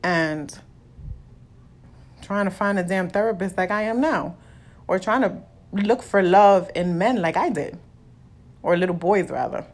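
A woman's voice: fairly low pitch, animated, measured pace, long pauses. A young adult woman hosting a solo podcast, talking candidly and confessionally with casual swearing. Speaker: podcast host.

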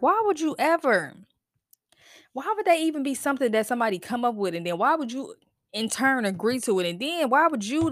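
Lively, exasperated woman podcast host. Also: on the high side, no room sound, clean studio sound. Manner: profane, exasperated, laughs and sighs often. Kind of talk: casual chat.

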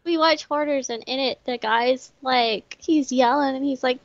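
A woman's voice: sits high, normal speed, dry recording, muffled recording. A woman co-hosting a podcast, laughing and recounting in casual chat. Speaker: podcast co-host.

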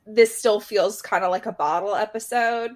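In a medium-pitched, slightly mellow voice at normal speed, a woman co-hosts a podcast and casually goes over an episode. She hesitates often, uses many fillers, and laughs now and then.

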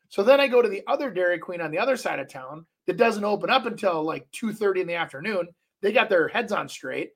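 A man's voice: sits high, animated, fast talker, hardly any pauses, fairly bright tone, husky. A middle-aged man co-hosting a casual podcast, telling long rambling stories full of restarts. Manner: rambling storyteller, many restarts. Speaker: podcast co-host. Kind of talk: casual chat.

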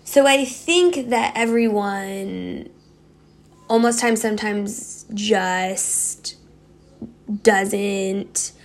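A woman's voice: medium pitch, extremely slow. A young woman in a casual, reflective monologue, rambling with lots of filler words. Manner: rambling, heavy use of "like" fillers.

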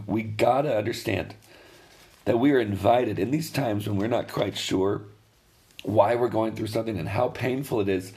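A man's voice: fairly low pitch, darkish tone. A man preaching a sermon in an earnest, conversational way, often restarting his phrases. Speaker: pastor.

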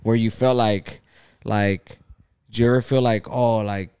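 Rambling and cursing through a casual chat, this young podcast co-host keeps restarting and leaning on "like." His voice is lowish and a little mellow, clean, with fairly even intonation and a measured pace.

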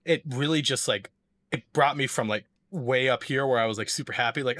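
Man host, casual rambling storyteller, bright tense voice, mid pitch. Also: brisk. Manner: rambling, many fillers and restarts. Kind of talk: casual chat.

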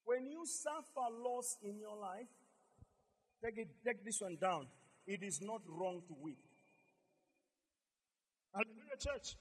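A pastor preaching with a strikingly high, bright voice. He hammers lines again and again, shouting some and dropping to near-murmurs on others. His voice rings with the long reverb of a hall. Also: lively intonation, moderate pace. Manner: emphatic, repeats lines, swings from shouting to quiet. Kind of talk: sermon.

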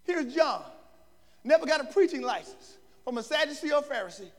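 A man preaching a sermon with emphatic delivery, often breaking into shouts. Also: extremely high pitch, lively intonation, a little fast. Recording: long hall reverb.

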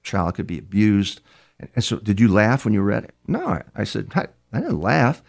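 An older man, a criminal profiler being interviewed, telling stories in a halting way, repeating words and acting out quoted dialogue. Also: on the low side, creaky, a little mellow. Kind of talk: storytelling interview answers.

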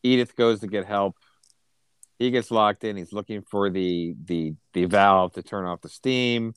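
A man with a low, smooth, clear voice chatting on a book podcast. He retells scenes in a wry, dry way, recorded close in a dead, dry room. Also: a little slow, no echo. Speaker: podcast co-host. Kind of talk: casual book discussion.

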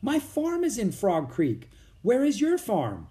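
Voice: mid-range voice, huge pitch swings, takes it slowly, voice pushed up. A reader doing a stern ragged soldier captain. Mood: gentle. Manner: commanding, later gentle. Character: stern but kindly soldier captain, grown man.

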